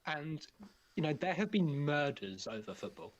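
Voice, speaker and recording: A man's voice: fairly high pitch, sing-song, lo-fi sound. A British man teasing the other players dryly in a casual chat during a live tabletop game. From Britain. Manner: teasing, dry, quick with jokes.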